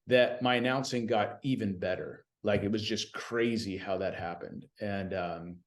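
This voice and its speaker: A man telling stories as a guest in a casual podcast conversation, animated and chatty, often saying "you know what I mean.". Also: fairly low pitch, moderate pace. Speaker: podcast guest, BMX announcer.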